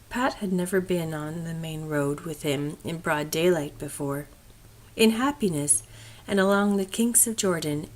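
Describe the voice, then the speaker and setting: Low-voiced woman reading a classic novel. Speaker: audiobook narrator. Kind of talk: scripted audiobook narration.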